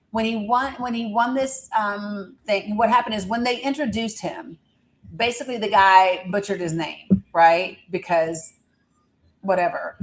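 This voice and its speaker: A woman's voice: medium pitch, poor audio. A woman hosting a livestream, telling a story in a rambling, chatty way and teasing her viewers, with the odd swear word. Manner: casual swearing. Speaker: livestream host. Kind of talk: casual storytelling to a live chat.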